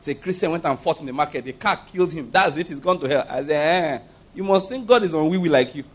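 A man's voice: on the high side, expressive, fast, breathy edge. A man preaching a sermon, emphatic and calling out for amens from the congregation. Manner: emphatic, asks the congregation for amens, laughs mid-point.

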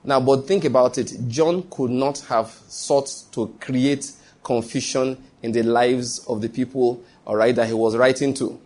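A man's voice: mid-range voice, steady tone, unhurried, darkish tone. A man preaching a sermon, often checking that his listeners follow him and restarting his phrases.

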